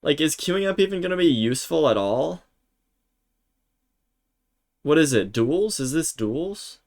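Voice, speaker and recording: Panicky swearing man streamer, higher voice. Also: sing-song, unhurried. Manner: panicky, swearing, frantic exclamations. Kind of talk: live gameplay reactions.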